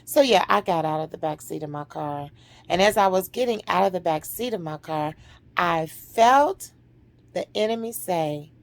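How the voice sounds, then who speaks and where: A middle-aged woman telling an emotional personal story in a slow, dramatic way, sometimes dropping to a hush. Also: fairly low pitch, expressive. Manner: slow, dramatic, drops to a hushed near-whisper at emotional points.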